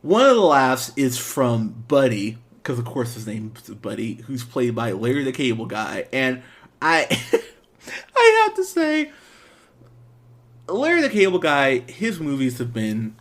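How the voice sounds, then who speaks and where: A man's voice: medium pitch, a little slow. A man hosting a podcast, giving a casual, rambling movie review with frequent laughs and restarts. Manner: rambling, animated, laughs often, fillers and restarts.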